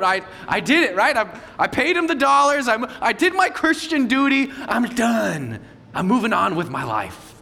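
A man in his thirties preaching a sermon as a pastor, telling a personal story with lively acted-out inner dialogue. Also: moderate pace, vocal fry. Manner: animated storytelling, acting out his own inner voice. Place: church sanctuary. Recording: long hall reverb, faint low rumble.

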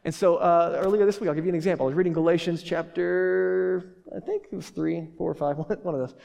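A man's voice: sits high, steady tone, quick pace, creaky, darkish tone. Casual joking pastor, man, hall echo. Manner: casual, joking, many fillers and restarts. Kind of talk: sermon. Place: church hall. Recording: reverberant church hall.

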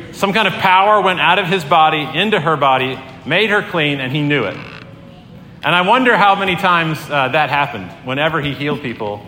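Man, pastor, sermon; bright, higher voice, conversational and earnest; roomy hall with long reverb. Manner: conversational, earnest, many fillers. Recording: echoey hall, long reverb, faint room noise.

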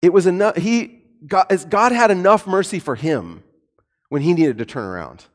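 Guy giving a sermon, kinda high voice that swings all over, casual jokey way, big echoey hall. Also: moderate pace. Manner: animated, conversational with light humor. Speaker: preacher. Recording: long hall reverb.

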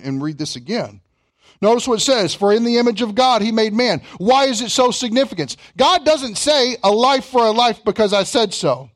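A man with a Kentucky accent preaching a sermon as pastor, reading scripture slowly and adding humorous asides. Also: high voice.

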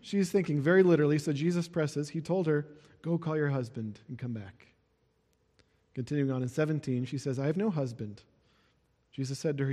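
A male pastor preaching in a relaxed, conversational way, with a voice pitched a little higher than most men's. The sound carries a long reverb, as if recorded in a large hall. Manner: explains verses with a casual, conversational aside. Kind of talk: sermon.

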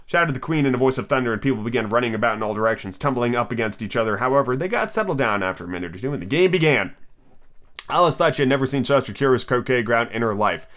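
A man's voice: mid-range voice, lively intonation, quick pace, fairly bright tone. A man casually reading a children's classic aloud on his podcast, stumbling over words and restarting lines. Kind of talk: casual storybook read-aloud.

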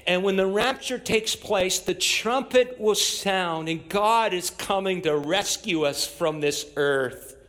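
A pastor preaching a sermon to a church congregation, walking through scripture and building to emphatic, raised-voice exhortation. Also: male voice, high-pitched, slow, a bit bright. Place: church with in-person and online audience.

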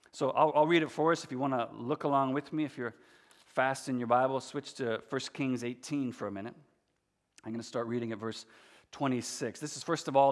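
A man preaches a sermon, talking with his listeners in a relaxed, conversational way and dropping in small asides. His voice sits at an ordinary middle pitch. The sound carries a long, hall-like reverb. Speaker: pastor. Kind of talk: sermon with scripture reading.

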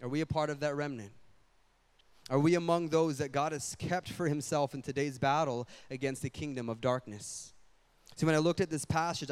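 A young adult man preaching a sermon in a casual, animated way, full of slang and quick asides. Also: medium pitch, clear, resonant tone. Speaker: pastor.

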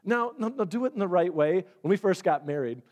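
Talking a little fast in a high voice, this man delivers a sermon as a pastor. His style is conversational and animated, and he acts out small dialogues along the way.

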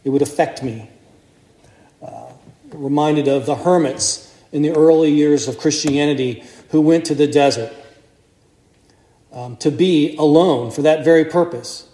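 A male priest preaching a sermon, telling the story with lively acted-out voices. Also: on the high side, unhurried, pauses often, reverberant. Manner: animated storytelling, acts out crowd voices. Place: church.

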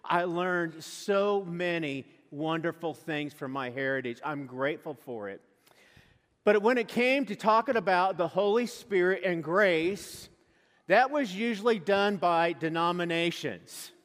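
High-voiced man preaching in a hall. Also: unhurried. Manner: animated storytelling with quoted asides. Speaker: pastor. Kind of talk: sermon. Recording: long hall reverb.

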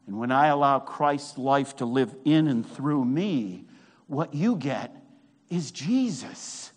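A man's voice: medium pitch, expressive, slow. A man preaching a sermon while teaching from a chart, with emphatic repetition and self-mocking humor.

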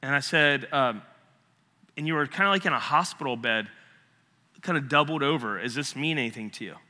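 Bright-voiced man preaching in a hall. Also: mid-range voice, fairly quick. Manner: storytelling, acts out both sides of a dialogue. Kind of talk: sermon.

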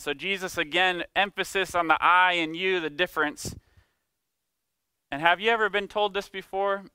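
A man preaching a sermon, emphatic, slowing down to stress key words and acting out quoted speech. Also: sits high, bright, forceful tone, clear, resonant tone, no room sound. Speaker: pastor.

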